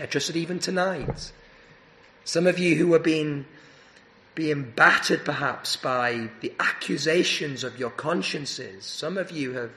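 Earnest preacher in an echoey church. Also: male voice, on the high side, bright, forceful tone. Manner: earnest, rising emphatic delivery. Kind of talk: sermon.

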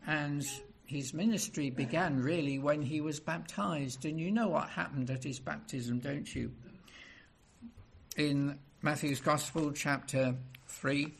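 A man's voice: fairly high pitch, slow pace, vocal fry, a little hiss or hum. A man preaching a sermon, asking his listeners rhetorical questions and rising into emphatic stretches.

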